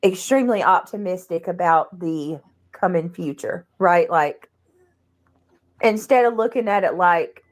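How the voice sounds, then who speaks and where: A woman's voice: on the low side, lively intonation, unhurried. Chatty woman greeting stream viewers. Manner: chatty, greets and thanks viewers by name, frequent throat clearing. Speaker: livestream host. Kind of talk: casual livestream chat.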